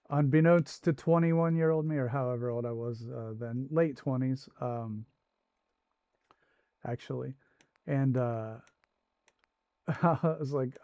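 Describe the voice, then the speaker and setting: Male streamer, warm mellow tone, dry close sound, loose rambling storyteller while gaming. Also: mid-range voice, slow, long pauses, dry recording, highs cut off. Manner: rambling anecdote with asides. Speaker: livestream host.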